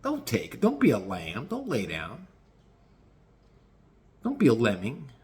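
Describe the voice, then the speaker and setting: A middle-aged man telling a casual personal story in a profane, animated way, often acting out what people said. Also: medium pitch, measured pace. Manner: profane and animated, acts out quoted dialogue.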